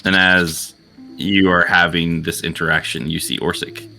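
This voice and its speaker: A man's voice: deep voice, level tone, normal speed, gravelly, sharp tone, faint music behind. A man narrating as game master in loose, vivid style, throwing in sound effects.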